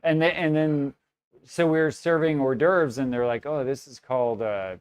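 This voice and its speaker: A man's voice: a little high, moderate pace, clean tone. A man with a Chicago accent, a guest telling a rambling story in casual chat and laughing often.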